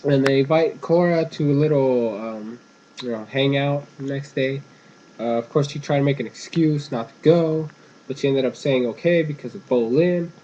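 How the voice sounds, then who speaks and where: A man's voice: medium pitch, normal speed, warm tone, a little hiss or hum. A young man giving a casual, meandering spoken recap of a cartoon episode as a reviewer. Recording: dull lo-fi home recording.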